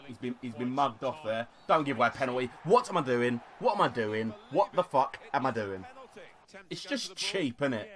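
A young man commentating his own football video game, excitable, shouting at goals and swearing. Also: mid-range voice. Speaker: gaming YouTuber. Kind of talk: gameplay commentary. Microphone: desktop USB microphone.

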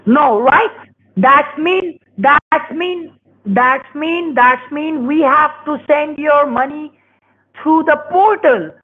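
A woman's voice: high-pitched, takes it slowly, narrow, tinny audio. A woman scamming over the phone, pushy and repetitive, with broken English. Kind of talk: phone call.

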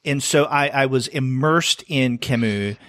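At a measured pace, a middle-aged podcast co-host talks casually about comics, thinking out loud with fillers and restarts. His voice is mid-range and a bit bright, and there's no echo.

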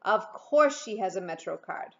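A woman's voice: medium pitch, expressive, gravelly, a bit bright, muffled recording. A woman voicing an impatient, breezy father in a read-aloud storybook. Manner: brisk, exasperated. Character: impatient breezy dad heading to work.

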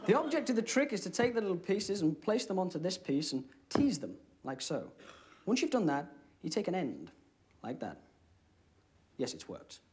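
Young British comedy magician, lively patter. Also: male voice, high voice, moderate pace. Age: young adult. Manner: deadpan one-liners, chatty patter. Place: TV studio with live audience. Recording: studio audience noise behind.

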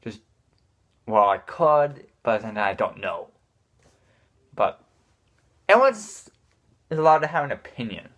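A man's voice: mid-range voice, big pitch swings, a little slow, long pauses, a bit bright. A man ranting casually to his viewers, frustrated and swearing often, restarting his sentences. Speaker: gaming vlogger.

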